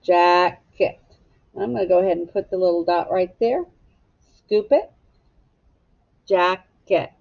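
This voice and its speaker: A woman teacher giving a slow, patient phonics lesson to young children and prompting them to echo words. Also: mid-range voice, lively intonation, gravelly, lo-fi sound.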